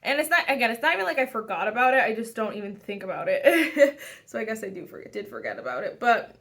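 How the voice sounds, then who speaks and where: Bright chatty young woman vlogger. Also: fairly high pitch, big pitch swings, quick pace. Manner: rambling, chatty, many fillers and restarts. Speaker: beauty vlogger. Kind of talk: casual makeup tutorial chat.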